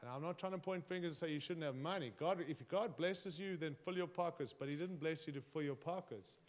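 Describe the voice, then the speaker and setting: Speaking a little fast, a preacher talks straight to his congregation, his emphatic delivery marked by big shifts in pitch and loudness.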